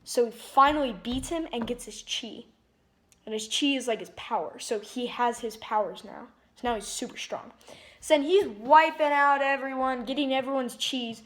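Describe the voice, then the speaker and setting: A woman's voice: a little high, normal speed. A woman casually retelling a film's plot in a rambling way, full of "like" and restarts. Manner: rambling, heavy use of "like", frequent restarts. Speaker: movie reviewer.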